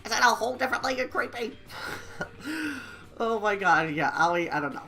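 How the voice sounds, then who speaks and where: Raspy woman streamer, chatty, giggly, bright tone, lively pitch. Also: fast talker, soft background music. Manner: chatty, giggly asides to chat. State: raspy from allergies. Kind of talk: live-streamed game playthrough with voice acting.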